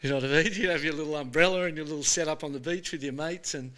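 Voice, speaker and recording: An Australian man in his sixties, an animated storyteller chatting casually as he is interviewed. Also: a little high, very fast. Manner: animated storyteller, says "mate" often. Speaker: show host being interviewed. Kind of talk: casual chat.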